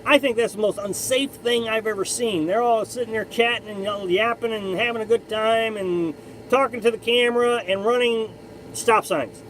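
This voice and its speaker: High-voiced man chatting on a live stream. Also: steady tone, moderate pace, fairly bright tone, a little hiss or hum, rough recording. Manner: rambling, chatty, frequent restarts. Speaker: live stream host reading chat. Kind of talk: casual live chat.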